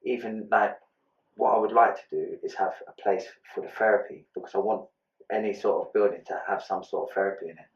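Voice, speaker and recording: A man's voice: lowish voice, fairly even intonation, brisk. A man talking in casual podcast chat, earnest and slangy, swearing freely. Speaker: guest, ex-offender charity ambassador. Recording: echoey room, distant muffled mic.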